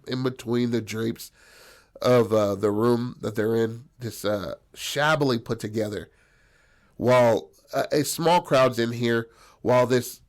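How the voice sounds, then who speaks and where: Brief: casual male podcast storyteller, rambling and profane, average pitch. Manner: rambling, profane, filler-heavy.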